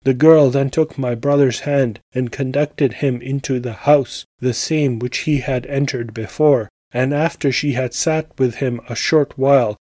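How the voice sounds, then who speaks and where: A man hosting a podcast, reading an old tale aloud in steady, measured storytelling. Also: medium pitch, no room sound. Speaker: podcast host and reader.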